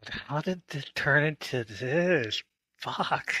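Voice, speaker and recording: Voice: medium pitch, lively intonation, takes it slowly, sharp tone. A friend on a podcast, jokey and playful, swearing in casual chat.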